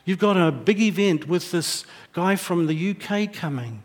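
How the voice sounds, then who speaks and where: A pastor preaches in a high voice for a man. He tells his stories in a lively, humorous way. His sermon rings with the long echo of a large hall. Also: unhurried. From New Zealand. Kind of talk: sermon with personal anecdotes. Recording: echoey hall.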